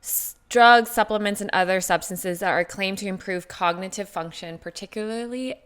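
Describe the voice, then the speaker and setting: A woman's voice: medium pitch, moderate pace, a bit bright, clean tone. A woman guest on a podcast in casual chat, chatty and self-mocking, laughing between phrases.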